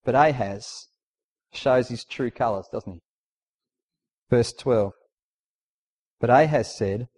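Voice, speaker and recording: A man's voice: medium pitch, very animated, measured pace, pauses often, darkish tone. A man preaching a sermon in a conversational, emphatic way, posing rhetorical questions and reading out scripture.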